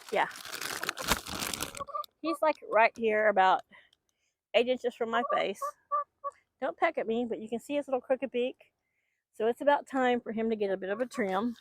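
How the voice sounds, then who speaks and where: Outdoors on a microphone, a woman with a fairly high voice chats casually with her backyard hens, rambling at a normal speed. Long pauses break up this relaxed vlog talk.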